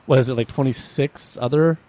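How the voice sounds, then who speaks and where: A man's voice: mid-range voice, a little fast, dark tone. A man co-hosting a podcast, talking things through in a loose, rambling way. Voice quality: rambling, many restarts and fillers. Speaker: podcast co-host. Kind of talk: casual chat.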